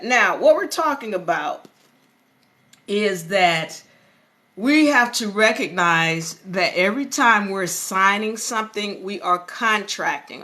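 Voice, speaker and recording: A woman hosting a live stream about law, talking to her viewers in a chatty, animated way and sometimes breaking into sing-song. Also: medium pitch. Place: live social-media stream. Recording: live stream with music playing behind.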